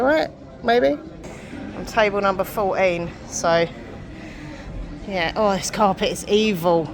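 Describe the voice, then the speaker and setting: A woman from England talking casually to her camera as she walks about and sits in a café, chatty and self-deprecating. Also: lowish voice. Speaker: vlogger. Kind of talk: casual chatty vlog narration. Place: out and about, then inside a busy café.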